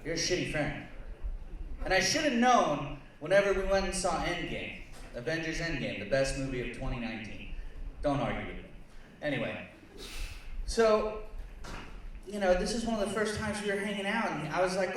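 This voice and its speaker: A man's voice: on the high side, expressive, normal speed, pauses often, a bit bright. A man performing a stand-up comedy set in a bar, crude, rambling and self-mocking. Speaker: stand-up comic and co-host. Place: bar lounge stage. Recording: echoey bar room, faint noise, distant mic.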